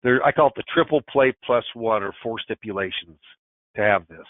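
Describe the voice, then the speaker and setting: A man's voice: on the low side, fairly quick, dry recording. A man in his sixties giving a webinar as a financial advisor, talking in an emphatic, folksy way that restarts and repeats phrases. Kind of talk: webinar presentation. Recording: tinny phone-like line.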